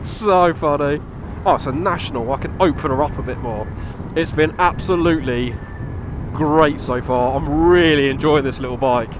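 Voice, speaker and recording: A man's voice: fairly high pitch, moderate pace, noisy background. Chatty man on a motorbike. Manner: chatty, laughs a lot, swears casually. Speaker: motovlogger. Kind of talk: casual chat while riding. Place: on a motorcycle outdoors on country roads.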